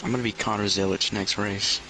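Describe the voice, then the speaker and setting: Gravelly low man teasing dryly. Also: flat delivery, fairly quick, bright, forceful tone, slight background noise, low-quality recording.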